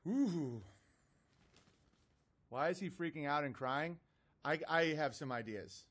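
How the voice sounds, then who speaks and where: A man's voice: fairly high pitch, animated, takes it slowly, long pauses, a bit bright, breathy edge. A man in his thirties hosting a livestream, reading out messages and mocking them bluntly. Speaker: livestream host.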